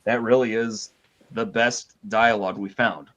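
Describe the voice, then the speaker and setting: A man co-hosting a podcast, talking in a laid-back, halting way. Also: on the low side, steady tone, a bit bright. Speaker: podcast co-host. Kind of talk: casual chat.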